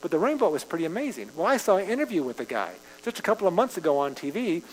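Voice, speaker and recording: A man's voice: high voice, big pitch swings, rapid-fire. A man preaching a sermon, reading scripture and then talking it through in a conversational way, rising for emphasis. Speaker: pastor. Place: church sanctuary. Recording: live church stream with long reverb and mains hum.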